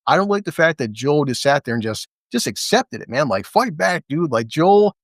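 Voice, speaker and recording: A man's voice: fairly high pitch, big pitch swings, normal speed, no room sound, studio quality. A man casually reviewing a TV episode, blunt and swearing a lot as he talks through the scenes. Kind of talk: casual profane reaction commentary.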